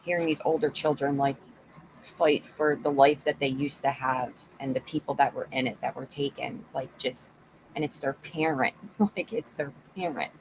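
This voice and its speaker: Relaxed co-host with faint hiss. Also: mid-range voice, normal speed. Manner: relaxed, short agreeing replies. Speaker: podcast co-host. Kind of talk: casual chat.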